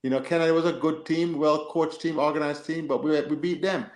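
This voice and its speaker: A man co-hosting a football live stream, reading and answering chat in an animated, joking way. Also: a little high, brisk, reverberant. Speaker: livestream co-host.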